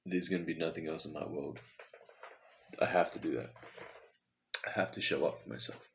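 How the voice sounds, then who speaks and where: A man with a deep, low voice records a late-night video diary. He sounds tired and talks in an earnest, searching way, thinking aloud to himself. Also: normal speed, vocal fry, a little hiss or hum. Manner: earnest, introspective self-talk. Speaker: vlogger.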